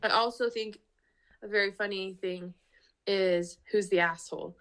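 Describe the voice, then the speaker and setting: A woman's voice: medium pitch, steady tone, normal speed, fairly bright tone, clean tone. A woman co-hosting a podcast in casual chat, talking chattily with lots of fillers and "like". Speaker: podcast co-host.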